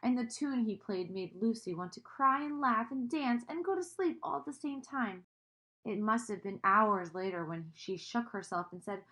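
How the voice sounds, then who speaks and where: A woman with a fairly high voice reads a children's book aloud. She stops now and then to gently explain a word or ask her young listeners a question. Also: normal speed. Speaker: storyteller reading to children. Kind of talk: reading a storybook aloud with asides.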